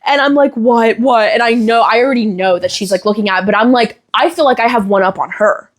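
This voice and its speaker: A young woman hosting a podcast, telling a story in a casual, animated way, swearing freely and laughing often. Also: mid-range voice, fast. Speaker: podcast host.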